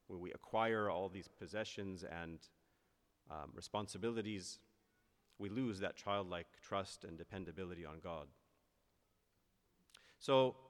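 A male priest giving a sermon in an earnest way, rising to emphatic peaks and slowing down on key phrases. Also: lowish voice. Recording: long church reverb.

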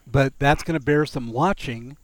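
A man hosting a relaxed tech podcast, wry and joking in his delivery. His voice sits at an ordinary middle pitch. The recording is dry, with little room sound. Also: normal speed, dry recording. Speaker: podcast host. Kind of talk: casual tech podcast chat.

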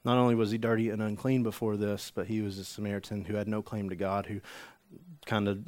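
A man preaching a sermon, an animated storyteller who acts out the scenes he describes. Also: lowish voice, quick pace. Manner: animated storytelling, acts out the healed man's joy. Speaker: pastor.

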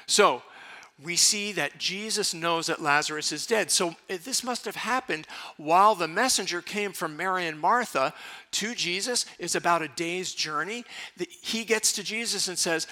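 A male pastor delivers a sermon, reading Bible verses and then unpacking them in a relaxed, conversational manner. His voice is very bright and sits a little high. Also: moderate pace. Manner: reads scripture aloud and explains it conversationally.

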